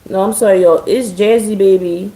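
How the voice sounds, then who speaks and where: Chatty woman with a mellow voice. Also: medium pitch, steady tone, moderate pace, echoey room, rough recording. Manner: chatty, profane, addressing viewers as y'all; dry sarcasm. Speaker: live streamer. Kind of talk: casual live-stream chat.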